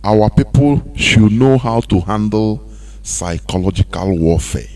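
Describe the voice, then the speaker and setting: Nigerian man preaching with lively swings. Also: on the low side, a little slow. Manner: preachy, rhetorical questions, sudden swings into sing-song emphasis. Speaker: radio host. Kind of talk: impassioned monologue. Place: radio studio.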